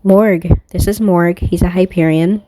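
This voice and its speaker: A woman's voice: lowish voice, steady tone, a little slow, mellow. A woman tarot reader talking in a casual spiritual monologue, rambling and swearing freely, often laughing at herself.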